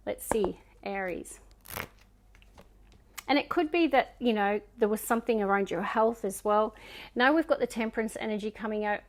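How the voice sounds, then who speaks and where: A woman with a Scottish accent talks through a tarot spread in a relaxed, chatty way. She muses aloud as she reads each card and often drops into soft murmurs between them. Her pitch sits in an ordinary middle range. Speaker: tarot reader. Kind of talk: casual tarot card reading.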